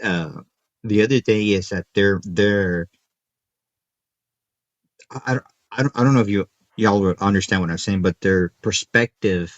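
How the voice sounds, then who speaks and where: A man in his thirties co-hosting a podcast, telling animated, profane stories in casual chat. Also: on the low side, unhurried, pauses often, dry recording. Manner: animated storyteller, profane, acts out kids' voices. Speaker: podcast co-host. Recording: dull, slightly lo-fi podcast audio.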